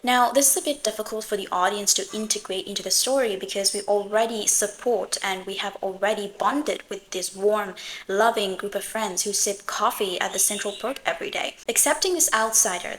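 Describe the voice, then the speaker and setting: A woman hosting a video essay, giving scripted commentary in a measured, analytical way. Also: medium pitch, a bit bright, a little hiss or hum, rough recording.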